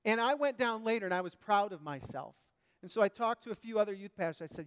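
A male pastor preaching a sermon, animated, swinging between loud emphasis and quiet asides. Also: high voice, a little fast, in a large hall.

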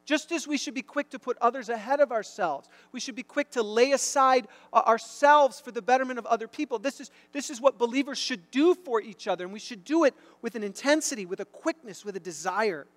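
A middle-aged man preaching a sermon, telling a story and building to loud, emphatic bursts. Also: very high-pitched, fairly quick, hardly any pauses. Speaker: pastor. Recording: long hall reverb.

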